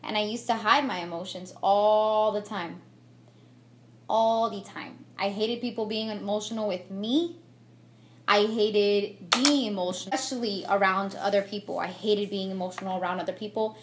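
A faint hiss or hum sits under a young woman's mid-range voice, which keeps fairly even intonation at a normal speed. She vlogs a get-ready-with-me makeup routine into a tripod camera mic, talking openly and reflectively with plenty of fillers and restarts.

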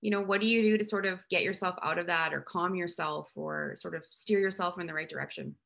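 A woman with a low, gravelly voice and a bright, forceful edge interviews a guest over a video call. Her phrasing is enthusiastic and loose, full of fillers. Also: fairly quick. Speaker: host.

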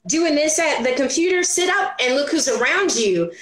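A woman entrepreneur telling stories as a guest in an interview, expressive and quick to act out the voices of people she quotes. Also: high-pitched. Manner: expressive, acts out quoted voices, laughs often. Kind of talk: animated storytelling interview. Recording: roomy echo.

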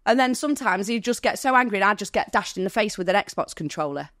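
Woman guest, mid pitch, candid emotional storyteller, dry close sound. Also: animated, fast talker, fairly bright tone, no echo. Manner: candid, vivid retelling with quoted dialogue; emotional, near tears. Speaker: podcast guest. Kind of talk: personal storytelling in an interview.

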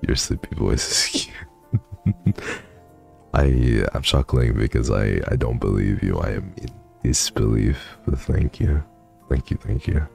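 A man's voice: extremely low pitch, measured pace, gravelly, darkish tone, faint music behind. A man streaming from home, chatting casually and thanking viewers, sleepy and swearing freely. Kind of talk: casual chat reading donations.

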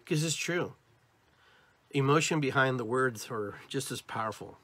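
A husky-voiced man hosting a spiritual podcast, talking straight to his listeners. His pitch swings up and down as he hammers home each point through repetition. He sounds like a motivational talk. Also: animated, unhurried, bright, forceful tone. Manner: emphatic and repetitive, addresses listeners directly; acts out different tones of voice as examples. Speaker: podcast host.

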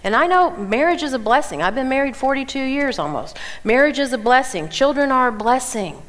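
Woman in her sixties, Bible teacher, women's conference, lively up-and-down pitch, acts out quotes. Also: brisk. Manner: animated storytelling, acts out quoted voices.

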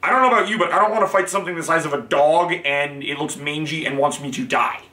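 A man's voice: fairly high pitch, fast, sharp tone. A man hosting his own channel, talking through a casual monologue in a rambling, frank way that keeps correcting itself. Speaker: channel host. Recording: echoey room.

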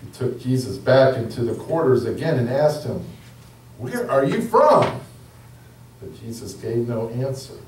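A man leading a church service as pastor, making slow, deliberate declarations and retelling a scripture story as a sermon. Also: medium pitch, mellow, a little hiss or hum. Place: church hall. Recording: roomy hall from a distance.

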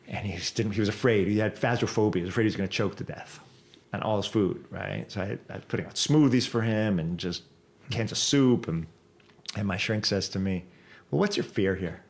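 A man guest on a podcast, telling a personal story in a casual, animated way, cursing freely and repeating words as he goes. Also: on the low side, quick pace.

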